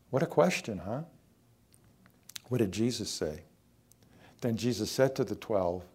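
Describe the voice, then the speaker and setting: An older man preaching a sermon as pastor, in a plain conversational way. He gets louder to stress key points and asks the congregation direct questions. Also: mid-range voice, animated, normal speed, long pauses, husky. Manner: emphatic, rising in volume to stress points.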